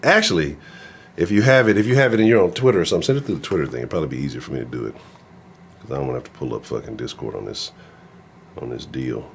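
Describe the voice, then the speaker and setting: A man hosting a live sports talk stream, ranting in an animated, profane, casual way. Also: rumbling low, rapid-fire, a little hiss or hum. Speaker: sports talk show host.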